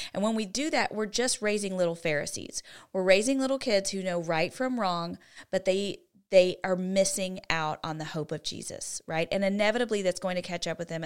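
A woman's voice: lowish voice, clean tone. A woman co-hosting a Christian parenting talk show, explaining her approach in an earnest, teaching manner. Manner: earnest and teaching, with lively shifts in volume. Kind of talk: faith-based parenting talk.

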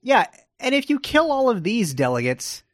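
A man co-hosting a casual podcast, talking in rambling, self-interrupting bursts with animated asides. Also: extremely high pitch, normal speed, no echo, clean studio sound. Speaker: podcast co-host. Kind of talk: casual chat about a TV episode.

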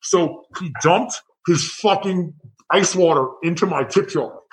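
Male bartender, high voice, profane animated storyteller. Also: a little slow, low-quality recording. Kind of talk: casual storytelling chat.

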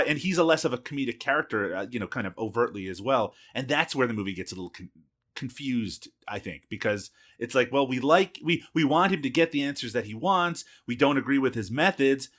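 A man co-hosting a film podcast, relaxed and laughing easily, hedging with filler phrases. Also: mid-range voice. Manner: relaxed, laughs easily, hedges with "you know". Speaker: podcast co-host. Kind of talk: casual film review chat.

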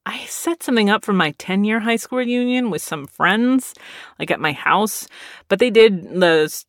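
Texas woman in her late 30s, chatty and laughy, dry close sound, medium pitch. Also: dry recording. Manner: animated, laughing often, many "like" fillers. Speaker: storyteller. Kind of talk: casual storytelling.

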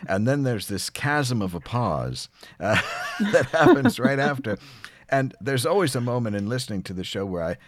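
A man interviewing a podcaster, asking long, halting questions with many fillers. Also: mid-range voice, sing-song, no echo.

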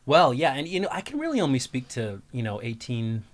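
Animated actor chatting. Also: male voice, mid-range voice, slight background noise. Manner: animated, joking, halting restarts. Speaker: podcast guest, actor. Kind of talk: casual chat.

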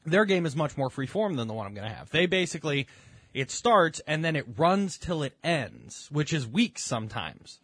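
A young man talks over a dry, close mic, his voice sitting a little high for a man. He tells his stories with plenty of swearing and animation, like a casual podcast co-host. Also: normal speed, breathy edge, no room sound. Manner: animated storytelling, swears a lot. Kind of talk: casual chat.

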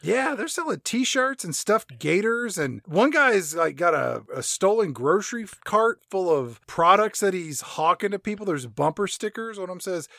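Male podcast co-host, casual and jokey, slightly high voice, dry close mic. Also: animated, normal speed, gravelly, hardly any pauses, a bit bright, dry recording. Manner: jokey, puts on silly voices for characters. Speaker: podcast co-host recapping a movie. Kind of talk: casual comedic chat.

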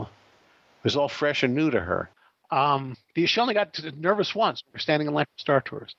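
A man's voice: mid-range voice, dry recording, muffled recording. A man, a guest on an interview show, telling an anecdote and acting out the quoted voices. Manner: animated, acts out quoted voices. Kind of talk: storytelling anecdote.

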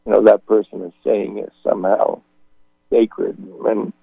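A man's voice: on the low side, steady tone, a little slow, gravelly, breathy edge, no room sound. A man hosting a radio talk show, speaking in a rambling, hesitant way with lots of fillers. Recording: dry, phone-like radio audio.

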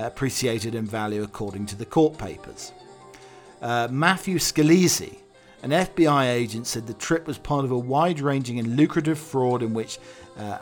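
A man hosting a comedy podcast, reading out news items with dry, wry asides. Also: mid-range voice. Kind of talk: comic monologue reading news stories.

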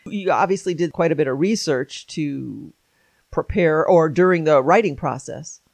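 A woman's voice: low-pitched, normal speed, vocal fry, darkish tone, dry recording. Dry-sounding woman hosting an interview. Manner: friendly, laughs easily. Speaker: interview host. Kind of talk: casual interview chat.

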